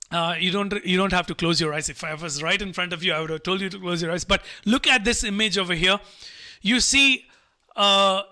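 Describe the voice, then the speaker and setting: Male motivational speaker, very high and piercing voice, repetitive and coaxing. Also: pushed and bright. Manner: repetitive, coaxing, asks the audience to type replies. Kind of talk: live online motivational talk to students.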